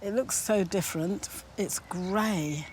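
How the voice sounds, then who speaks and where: A woman's voice: mid-range voice, slow, slight background noise. Playful woman guest, laughs easily. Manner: warm, laughs often, playful. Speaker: TV presenter, guest. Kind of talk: casual chat.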